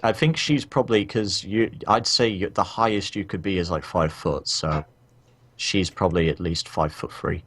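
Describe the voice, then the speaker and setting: A man with a fairly low voice narrates a tabletop game as game master. He describes each scene to the players in a loose, rambling second-person style, breaking off to fiddle with the map. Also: normal speed, fairly bright tone.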